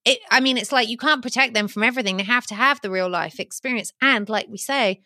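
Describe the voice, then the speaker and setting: A woman in her thirties in a casual podcast chat, expressive and animated, often affirming the other speaker. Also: a little high, fast, no echo, studio quality.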